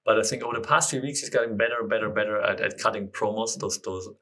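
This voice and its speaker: Guy doing a solo podcast, rambly casual chat, bright punchy voice. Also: lowish voice, fairly even intonation, fast talker. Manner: rambling, thinking aloud. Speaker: podcast host.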